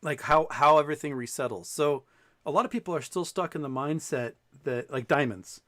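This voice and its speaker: A man in casual podcast chat, spinning a long story and quoting people in put-on voices. His voice sits a little high, and he often restarts his sentences. The sound is dry and close. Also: a little fast, fairly bright tone, dry recording. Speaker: podcast host.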